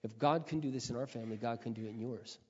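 Middle-aged guy preaching, earnest story mode, clears his throat a lot, long hall echo on dull audio. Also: medium pitch, fast. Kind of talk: sermon storytelling.

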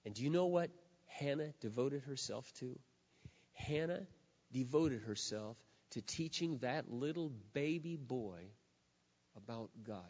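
A middle-aged man preaching a sermon as a pastor, with emphatic, drawn-out stresses and swings from loud to hushed. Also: mid-range voice, animated. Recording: echoey hall, dull lo-fi sound.

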